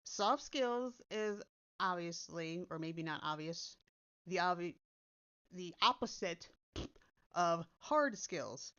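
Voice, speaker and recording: This content creator's voice is fairly low and expressive, slow-paced, a bit bright, clear and resonant. She chats casually in a blunt, direct way, dropping casual swears. The audio is dull and lo-fi, recorded on a computer's built-in mic in place of her usual microphone.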